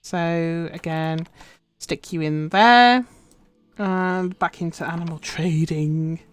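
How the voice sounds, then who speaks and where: A woman's voice: lowish voice, takes it slowly, soft background music. A woman casually commenting on her live game stream, muttering instructions to herself as she plays. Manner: chatty, muttering instructions to herself while playing.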